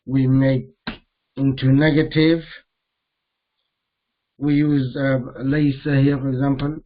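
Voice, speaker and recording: A man's voice: medium pitch, flat delivery. Man teaching grammar, dull-sounding recording. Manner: repeats each term slowly, mixing Arabic terms into English. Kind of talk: classroom grammar lesson.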